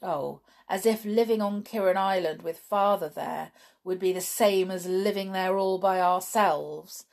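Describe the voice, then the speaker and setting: A woman's voice: mid-range voice, animated, moderate pace, slightly rough. Woman doing sulky, scornful tomboy girl. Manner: scornful and emphatic. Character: sulky, proud, hot-headed tomboy girl.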